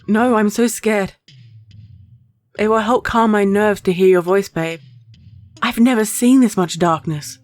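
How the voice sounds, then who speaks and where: Woman doing a frightened young wife on a dark road. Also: medium pitch, no echo, soft background music, lightly acted. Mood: scared. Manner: anxious, shaky, rushed.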